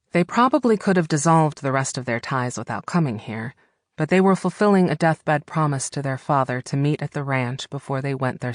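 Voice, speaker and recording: A man's voice: on the high side, no echo, clean studio sound. Male narrator reading a romance novel. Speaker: audiobook narrator. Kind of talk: scripted narration.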